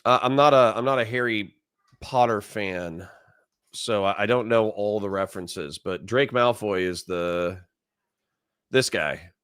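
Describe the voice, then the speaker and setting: A man's voice: on the low side, unhurried, fairly bright tone, clear, resonant tone, no echo, clean studio sound. A man hosting a casual live stream, talking bluntly and mockingly with lots of fillers. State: grumpy. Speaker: political commentary streamer.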